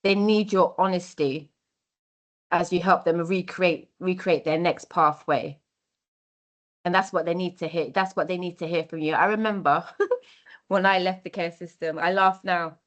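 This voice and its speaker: A woman's voice: lowish voice, steady tone, moderate pace. A young adult woman giving a workshop talk, earnest and encouraging, repeating her key phrases. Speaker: workshop speaker on mentoring.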